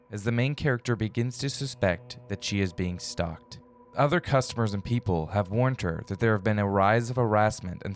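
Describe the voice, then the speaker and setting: Guy doing a spooky low whispery-ish narration voice for a game review, soft music underneath. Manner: put-on creepy, hushed, drawn-out delivery. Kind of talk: scripted narration.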